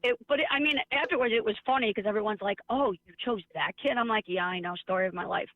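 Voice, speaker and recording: Chatting casually, a teacher animatedly acts out people's lines as she tells her stories with plenty of sarcasm. She speaks fast at medium pitch with no echo, though the line sounds tinny, like a phone.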